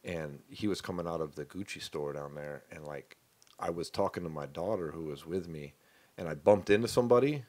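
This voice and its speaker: A man in his thirties co-hosting a podcast, telling stories in casual chat with lots of swearing and animated energy. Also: low voice, fairly quick. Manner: profane, animated storyteller. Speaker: podcast co-host.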